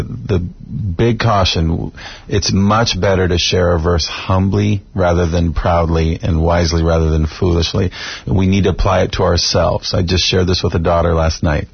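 Middle-aged male Bible teacher, very low raspy voice, earnest radio guest, dull recording. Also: dry recording. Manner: earnest, measured, quotes scripture. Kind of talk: radio talk show conversation.

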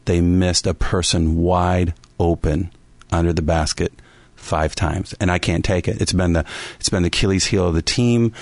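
A man's voice: sits low, fairly even intonation, normal speed, hardly any pauses, darkish tone, no room sound. A man co-hosting a faith podcast, telling a story animatedly and laughing at himself often. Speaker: podcast co-host and basketball coach.

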